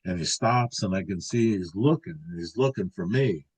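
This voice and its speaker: Older male guest, lowish voice, casual rambling storyteller. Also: animated, normal speed, a little mellow, husky, rough recording. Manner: rambling, restarts and filler words. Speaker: interview guest recounting an encounter.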